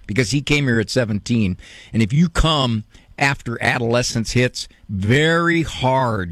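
A man's voice: mid-range voice, no echo, clean studio sound. Playful man hosting a call-in show. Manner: playful, teasing. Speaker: radio call-in show host.

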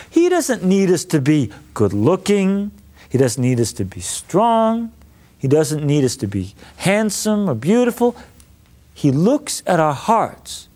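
A male priest gives a Bible lesson in an enthusiastic, conversational manner. His voice is high for a man. His pitch leaps about with animation. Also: a little mellow.

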